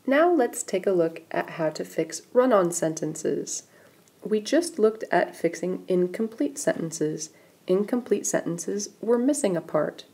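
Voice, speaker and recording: A woman's voice: on the low side, animated, measured pace, dark tone, breathy edge. A woman teaching a recorded grammar lesson, patiently explaining step by step while pointing at examples on screen. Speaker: English writing teacher.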